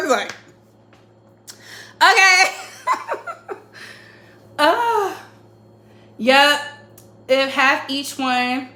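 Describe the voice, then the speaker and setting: Young woman chatting about music, slow easy talk, bright tone, laughs a lot. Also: on the high side. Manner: laughs often, chatty and playful. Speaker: host. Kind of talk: casual chat about music.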